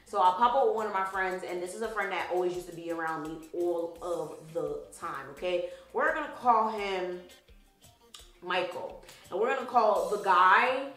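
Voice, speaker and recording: A woman's voice: fairly low pitch, moderate pace, fairly bright tone, roomy sound, soft background music, low-quality recording. A young woman vlogger telling a dating story in a casual, sassy way, swearing freely. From Haitian background.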